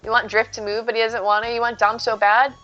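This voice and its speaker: A woman's voice: on the high side, little pitch movement, fast, fairly bright tone, muffled recording, faint music behind. A woman streamer chatting casually with her viewers while playing, talking sweetly about her cat. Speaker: live streamer. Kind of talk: casual live-stream chat while gaming.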